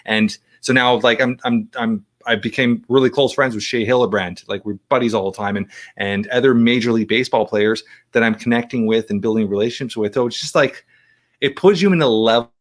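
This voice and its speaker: A man talking as a podcast guest, telling stories in a rambling way, full of restarts and quoted back-and-forth. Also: medium pitch. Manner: fast, rambling storyteller with many restarts. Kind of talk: casual interview chat.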